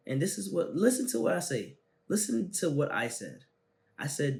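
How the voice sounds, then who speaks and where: A young man hosting a self-help video, telling a personal story in slangy, animated casual talk that swings between loud bursts and quiet asides. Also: fairly high pitch, normal speed, creaky, pauses often.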